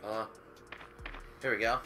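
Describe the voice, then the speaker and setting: A man giving casual commentary while playing, with quick offhand remarks. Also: on the low side, fairly even intonation, sharp tone. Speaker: game player. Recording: game music playing behind. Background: game music.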